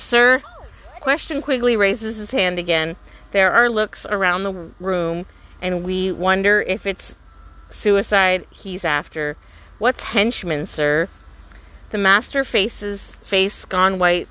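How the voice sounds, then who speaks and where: A woman reading a story aloud with steady, measured narration. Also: medium pitch, smooth. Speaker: reader.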